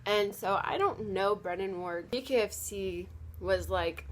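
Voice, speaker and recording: A woman's voice: mid-range voice, takes it slowly, a little hiss or hum. A young woman vlogging casually, rambling through a story with lots of fillers and quoted asides.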